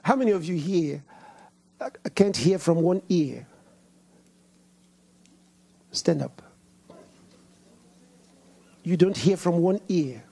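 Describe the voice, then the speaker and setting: A male pastor delivers a dramatic sermon in a slightly husky voice, letting his pitch climb and fall freely. He speaks slowly and deliberately, repeating key lines and dropping to hushed whispers between loud questions. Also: expressive. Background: congregation answering and laughing.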